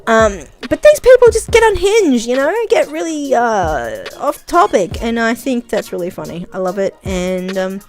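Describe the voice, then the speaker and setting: A woman's voice: on the high side, very animated, moderate pace, few pauses, darkish tone, faint music behind. A woman vlogging casual commentary on video listings, rambling with many ums and frequent chuckles.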